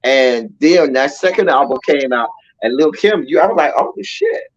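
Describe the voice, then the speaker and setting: A man's voice: medium pitch, moderate pace, muffled recording. A man co-hosting a casual podcast chat, looking back on music history in a reflective manner with frequent "you know" fillers. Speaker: co-host.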